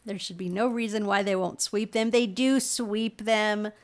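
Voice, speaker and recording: A woman's voice: mid-range voice, steady tone, a little slow. A middle-aged woman co-hosting a podcast, recapping games in a meandering casual chat with many ums. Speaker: podcast co-host.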